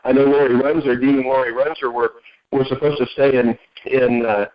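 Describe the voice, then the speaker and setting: A man's voice: medium pitch, little pitch movement, brisk. A man hosting a conference call, talking in an upbeat way and often restarting his sentences. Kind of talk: enthusiastic conference call talk. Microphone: telephone. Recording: lo-fi phone line.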